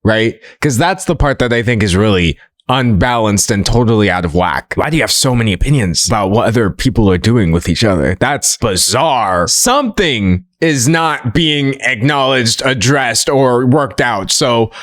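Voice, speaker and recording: A man's voice: medium pitch, lively intonation, moderate pace, a bit bright, dry recording, studio quality. A young man hosting a commentary vlog, talking in a sarcastic, mocking and exasperated way. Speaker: commentary video host.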